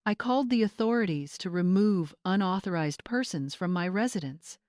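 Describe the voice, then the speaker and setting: A woman's voice: medium pitch, normal speed, no echo, studio quality, lightly acted. A woman voicing a commanding woman in her seventies. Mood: cool. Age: 70s. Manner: calm, cool, clipped authority. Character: older woman, commanding retired homeowner.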